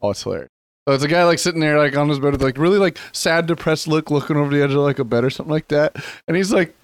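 A man co-hosting a relaxed talk show, telling stories in a lively way and peppering his talk with "like". His voice sits a little high for a man, and the sound is dry and close. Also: very fast, clear, resonant tone, dry recording. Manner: animated storyteller, heavy use of "like". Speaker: podcast co-host. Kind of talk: casual chat.

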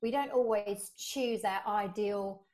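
Animated woman telling a sales story. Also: slow. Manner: animated, acts out quoted dialogue with rising pitch. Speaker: podcast guest. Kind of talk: conversational storytelling.

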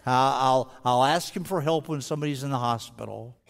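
A senior pastor preaches a sermon in a large church sanctuary, his mid-range, gravelly voice moving fairly quickly. He talks conversationally, often stammering and restarting, and builds into intense rhetorical questions, with long hall reverb from the sanctuary.

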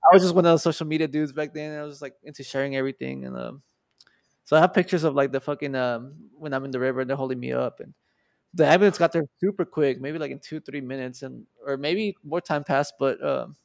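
A man's voice: mid-range voice, fast, creaky, dry recording, studio quality. A man in his twenties, a podcast guest, casually retelling a story with lots of swearing and acted-out quotes. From Mexico. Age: 20s. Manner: profane, animated retelling with quoted dialogue.

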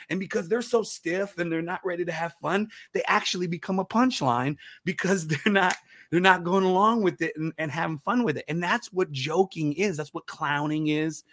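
Animated comedian man, dry close sound. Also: high voice, dry recording. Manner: animated, laughs often, stammering restarts. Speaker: comedian guest. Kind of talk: casual interview storytelling.

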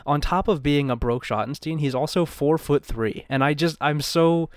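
A man's voice: on the high side, moderate pace. Male podcast co-host, casual jokey chat, rambles and restarts. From Columbus, Ohio area. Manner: rambling, jokey, self-interrupting.

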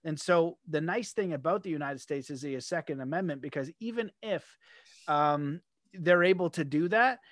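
A man from Canada talking in a rambling, animated way in a casual conversation, often laughing as he goes. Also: a little high, moderate pace, no echo, studio quality.

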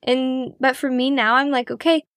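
A woman with a fairly high voice talks to her listeners in a casual, chatty monologue. She is encouraging and pokes fun at herself as she motivates them. The sound is dry and close. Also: little pitch movement, moderate pace, a bit bright, clear, resonant tone, no room sound. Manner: encouraging, chatty, self-deprecating. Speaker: podcast host.

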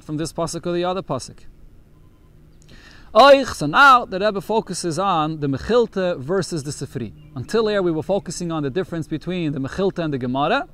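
Man teaching a text lesson, somewhat high. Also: a bit bright. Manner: reads Yiddish text aloud, then explains it in English. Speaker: Torah teacher.

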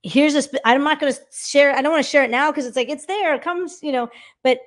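A woman vocal coach, a guest in a casual interview, explaining with animated talk and quick sung examples. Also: sits high. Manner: animated, demonstrates by singing snippets.

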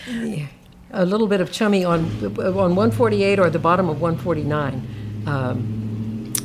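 Hesitant low-voiced woman hosting a book chat. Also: a little slow, background noise. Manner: hesitant, many fillers and restarts. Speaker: book discussion host. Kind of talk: casual book club chat.

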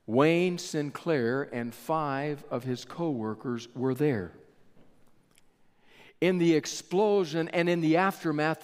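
A man preaching a sermon in a church, slow and deliberate with dramatic pauses. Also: fairly high pitch. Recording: long reverb of a large hall.

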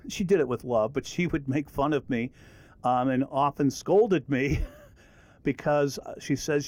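A middle-aged man giving a relaxed, rambling Bible lesson with many fillers and restarts. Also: mid-range voice, measured pace. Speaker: Bible teacher. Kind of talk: casual recorded lesson.

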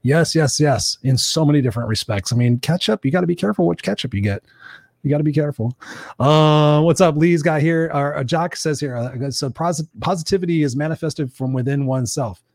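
A man's voice: on the high side, fairly quick, a little mellow, no room sound, clean studio sound. A man hosting a live chat show, upbeat and playful as he reads viewer comments aloud. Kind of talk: casual livestream chat.

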